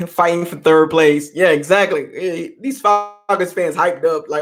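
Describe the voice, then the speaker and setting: A man's voice: fairly high pitch, fairly even intonation, measured pace, a bit bright, soft background music. A man hosting a football fan channel, chatting casually on a live stream and teasing fans in the chat. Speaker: sports channel host.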